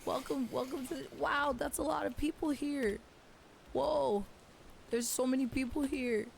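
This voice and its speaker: A woman streaming a game, hoarse with a failing voice, greeting viewers in a bubbly, flustered way. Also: high-pitched, steady tone, measured pace, a little hiss or hum, rough recording. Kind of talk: live gaming stream chat.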